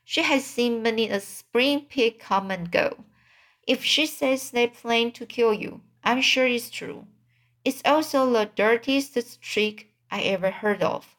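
A woman reading aloud, voicing a calm, wise female spider who speaks sweetly but briskly and firmly, at a slow pace. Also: a little high.

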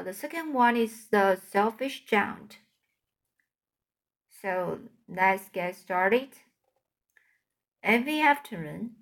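A woman reads a fairy tale aloud at a slow, careful pace. She trips over hard names and restarts her phrases, correcting herself as she goes. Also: medium pitch. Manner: slow, halting, with slips and self-corrections. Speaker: audiobook reader.

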